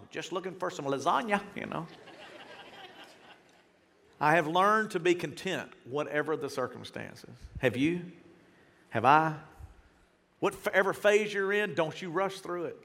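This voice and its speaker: A man's voice: fairly high pitch, a bit bright. Pastor in his forties, earnest and chatty from the pulpit, in a reverberant hall. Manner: earnest, conversational preaching. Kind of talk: sermon.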